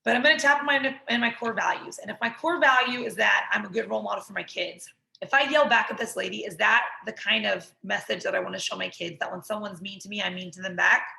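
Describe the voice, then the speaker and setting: Bright, gravelly woman teaching. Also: medium pitch, quick pace, roomy sound, low-quality recording. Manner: talks through an example, often checks in with "right?". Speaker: workshop instructor. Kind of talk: conversational teaching.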